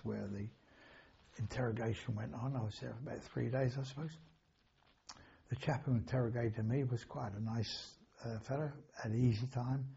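Older man with a gravelly, husky voice. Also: medium pitch, mellow, lo-fi sound. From England. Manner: rambling anecdotal storytelling with chuckles and self-corrections. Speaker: interviewee, war veteran. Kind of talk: oral history recollection.

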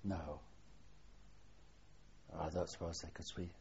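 An elderly man looks back on his wartime service in an oral history interview, his voice sitting low. He speaks haltingly, restarting often and letting sentences sink away softly. The sound is dull and lo-fi, like an old archival tape. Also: level tone, husky. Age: older. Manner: halting reminiscing, trailing off softly. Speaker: war veteran interviewee.

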